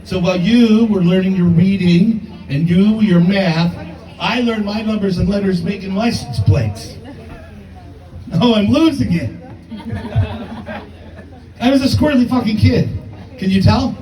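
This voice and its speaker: A fifty-something man works a stand-up set with brash, foul-mouthed, self-mocking stories, his voice sitting fairly high but dark and mellow in tone. He sounds set back from the mic in a roomy club, with a faint crowd murmur behind him. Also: measured pace, pauses often, distant mic. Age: 50s. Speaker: stand-up comedian. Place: comedy club stage.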